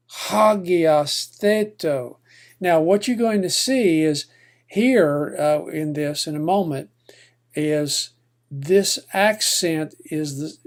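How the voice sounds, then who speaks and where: A man teaching Greek pronunciation to a class, sounding out each word slowly and deliberately. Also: on the high side, darkish tone. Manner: slow, deliberate, sounds out words syllable by syllable. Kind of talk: recorded Greek pronunciation lesson.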